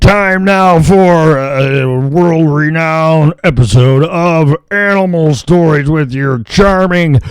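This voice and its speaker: A man's voice: on the high side, takes it slowly, hardly any pauses, clean tone, no echo. Old-uncle storyteller, folksy announcer, a man putting it on, dry studio sound. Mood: jolly. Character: jolly old uncle telling animal stories.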